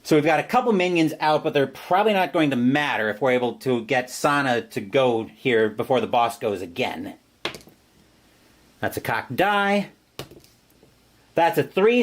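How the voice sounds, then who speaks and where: A man playing a board game on his own and explaining each move step by step. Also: mid-range voice. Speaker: solo board game player. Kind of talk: board game playthrough commentary.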